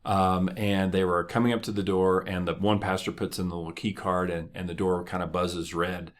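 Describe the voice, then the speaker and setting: A man's voice: low-pitched, little pitch movement, normal speed. A man hosting a motivational podcast, talking casually and joking as he tells stories. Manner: conversational, joking, laughs often. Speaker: podcast host.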